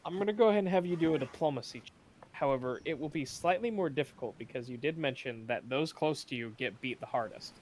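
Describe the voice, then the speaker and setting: A man narrating as game master of a tabletop game, relaxed and easy to laugh. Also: mid-range voice, fast, slight background noise. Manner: relaxed, laughs easily, calls for dice checks.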